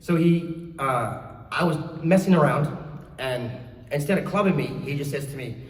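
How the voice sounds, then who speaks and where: A man in his thirties with a New Zealand accent, telling lively stories as a guest on a convention panel. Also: fairly high pitch, normal speed. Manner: lively, laughing, acts out voices. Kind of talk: animated storytelling. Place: large convention hall. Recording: echoey hall from far off.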